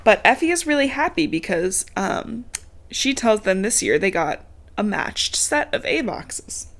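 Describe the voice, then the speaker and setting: A woman's voice: medium pitch, very animated, a little slow. A woman co-hosting a podcast, recapping a book in a casual, chatty way, with lots of swearing and laughter. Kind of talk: casual chat. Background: a dog heard now and then.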